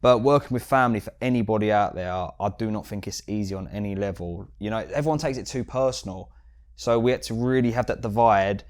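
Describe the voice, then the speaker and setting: A man with a London accent talks through his years running a jewellery shop on a podcast. His voice sits low and he tells stories in an animated way. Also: fairly quick. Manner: animated storyteller, mimics customers with sudden high bursts. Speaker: jewellery shop owner, guest. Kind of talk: casual podcast chat.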